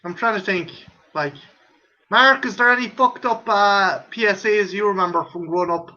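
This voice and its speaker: A man's voice: high voice, normal speed, pushed and bright. A man chatting casually on a stream, swearing freely and telling gory anecdotes. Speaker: podcast co-host. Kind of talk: casual chat. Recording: dull lo-fi stream audio.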